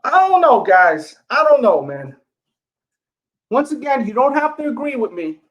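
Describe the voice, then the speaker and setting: Man with a New York accent, a fairly high voice, casual livestream host who speaks straight to viewers and keeps repeating his points. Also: big pitch swings, moderate pace, dull audio. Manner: talks straight to viewers, repeats himself, pleading. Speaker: sneaker channel host.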